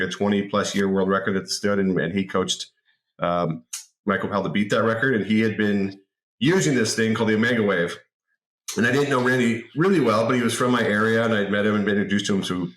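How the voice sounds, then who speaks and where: A man in his forties telling an anecdote as a podcast guest in a lively, casual way, often repeating words. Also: on the low side, quick pace. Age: 40s. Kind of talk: casual interview storytelling. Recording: roomy echo.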